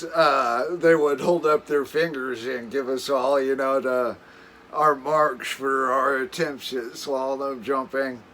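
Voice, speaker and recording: A man recounting camping stories for his vlog from a camper, rambling and chuckling as he goes. He talks slowly, in a bright, forward-sounding voice, often backing up to restart a thought. Faint outdoor ambience sits behind him. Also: mid-range voice, slight background noise. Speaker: camping vlogger. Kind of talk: casual storytelling.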